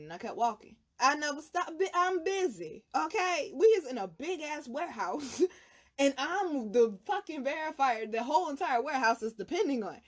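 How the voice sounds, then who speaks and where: Woman channel host, casual storytelling, animated and profane, pitch on the high side. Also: moderate pace. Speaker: tarot reader and channel host.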